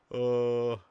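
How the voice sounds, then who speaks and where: A man's voice: mid-range voice, mellow, clean tone, no echo, lo-fi sound. A young man hosting a live football watch-along who chats, swears and laughs, bantering with viewers in the chat.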